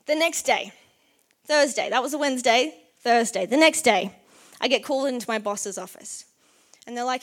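A young woman with a fairly high voice preaches a sermon. She talks earnestly and conversationally, weaving her own story into scripture, with bursts of lively animation. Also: moderate pace, long pauses.

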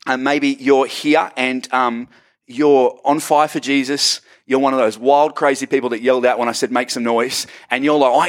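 A man in his thirties with an Australian accent, preaching to a church congregation as a guest pastor, joking and lively. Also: mid-range voice, moderate pace. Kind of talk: sermon. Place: church auditorium.

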